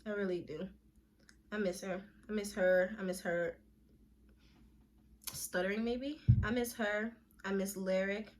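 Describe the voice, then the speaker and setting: A woman's voice: mid-range voice, fairly even intonation, measured pace, long pauses. A young woman telling a personal story on a casual vlog, candid and emphatic, with slang and restarts when emotional. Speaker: vlogger.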